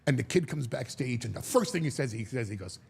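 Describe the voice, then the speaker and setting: A man talking as a guest, telling a story in a lively way, acting out quotes and often restarting his sentences. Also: medium pitch, vocal fry, very noisy. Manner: animated storyteller, acts out quotes, halting restarts. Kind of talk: storytelling chat.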